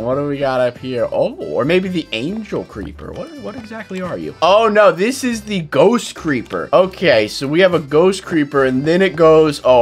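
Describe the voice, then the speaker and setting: A young man giving excited gameplay commentary as a YouTuber, exclaiming and laughing at surprises. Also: sits high. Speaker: gaming YouTuber.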